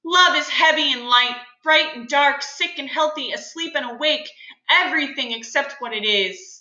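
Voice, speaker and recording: Moping lovesick young man, read by a woman, bright higher voice, melodramatic, roomy echo. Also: normal speed, highs cut off. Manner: melodramatic, sighing complaints. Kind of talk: reading a play aloud.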